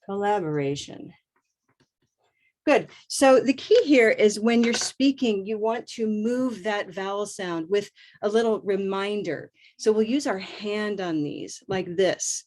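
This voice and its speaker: A woman teaching English pronunciation in a live online lesson, modeling vowel sounds slowly and deliberately with upbeat praise. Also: medium pitch, darkish tone.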